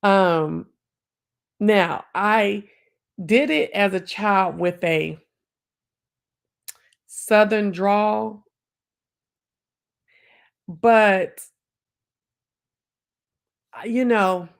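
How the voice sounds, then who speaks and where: A woman in her forties chats on her live stream, reflective and loose, with plenty of fillers and quick asides. Her middle-pitched voice carries a gravelly fry. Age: 40s. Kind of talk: casual live stream chat.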